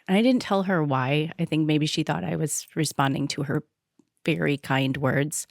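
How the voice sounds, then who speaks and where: Woman, very low voice, middle-aged, emotional chatty co-host, dry close sound. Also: normal speed, creaky, no echo. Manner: emotional, tearful storytelling. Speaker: podcast co-host. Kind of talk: casual chat.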